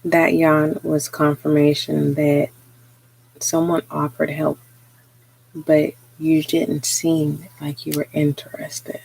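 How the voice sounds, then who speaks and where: A tarot reader giving a live spiritual reading, talking slowly and earnestly with frequent pauses and fillers. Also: mid-range voice, completely flat delivery, creaky, a little mellow, husky, rough recording. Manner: slow, hesitant, many pauses and fillers; earnest, encouraging.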